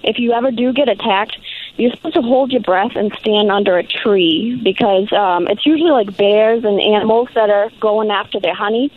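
A woman's voice: mid-range voice, moderate pace. Woman caller on a tinny phone line. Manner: calm, explanatory, many "um"s. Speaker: caller, beekeeper. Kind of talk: phone-in call.

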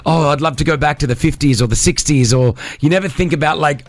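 A man's voice: fairly high pitch, fast talker, hardly any pauses, no echo. A man with an Australian accent, co-hosting a casual studio chat and leading a word game. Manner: animated, playful, leads the segment. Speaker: radio co-host.

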